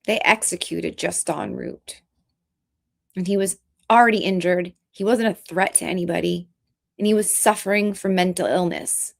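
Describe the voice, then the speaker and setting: A woman vlogger talking in an earnest, halting, emotional way in casual commentary. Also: lowish voice, fairly even intonation, gravelly.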